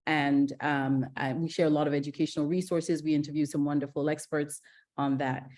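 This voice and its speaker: A middle-aged woman from Ghana, a gastroenterologist giving a lively online masterclass, chatty and energetic, with fillers and restarts. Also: deep voice, brisk. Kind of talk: live online masterclass talk.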